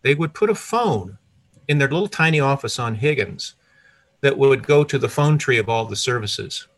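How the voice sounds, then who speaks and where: A man's voice: mid-range voice, animated, moderate pace. An older retired man telling a personal story in a conversational way, with restarts and self-corrections.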